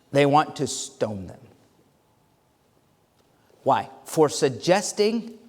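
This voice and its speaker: A male pastor preaching in a church, his voice a touch higher than most men's. He tells stories with animated swings between loud, emphatic lines and quiet asides, often stumbling through restarts. The sound rings with the long reverb of the hall. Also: extremely slow, pauses often. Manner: frequent restarts and stammered fillers. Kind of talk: sermon. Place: church sanctuary.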